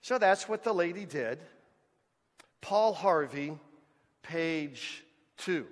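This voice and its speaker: A man preaching a sermon as pastor, animated and speaking to the congregation as folks. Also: a little high, slow pace. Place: church sanctuary. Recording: church hall with long reverb.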